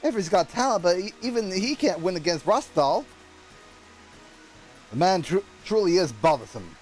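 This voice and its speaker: A man's voice: high-pitched, sing-song, normal speed, darkish tone, faint music behind, rough recording. A man voicing a polite, proper male noble patron, reading game dialogue aloud in a formal manner and stumbling over words.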